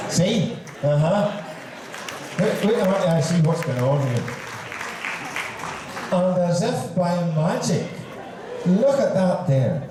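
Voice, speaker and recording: A man's voice: slow, pauses often, a faint crowd, a little hiss or hum. An older man telling stand-up jokes at a concert, switching voices for each character. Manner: animated, swings pitch for each character in the joke. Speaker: comic storyteller at a band concert. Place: large hall at a concert, live audience. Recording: echoey hall from far off.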